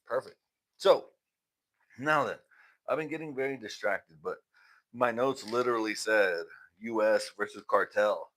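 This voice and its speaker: A man's voice: on the low side, measured pace, long pauses, a bit bright. A man hosting a casual livestream, telling stories with plenty of swearing and laughter. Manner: profane, laughing storyteller. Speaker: livestream host.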